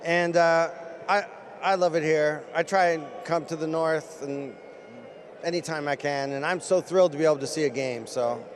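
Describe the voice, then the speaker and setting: A man in a casual pitchside interview, talking in a halting, self-deprecating way in a somewhat high voice. He stands outdoors at a football stadium, and loud ambient noise surrounds him. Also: steady tone. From Canada. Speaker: celebrity guest.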